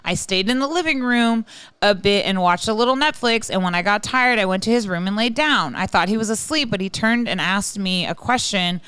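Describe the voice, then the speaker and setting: Young woman podcast guest, candid and self-mocking, clear resonant tone. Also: mid-range voice, a little fast, a bit bright, no room sound. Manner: candid, rambling, self-deprecating. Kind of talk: casual podcast chat.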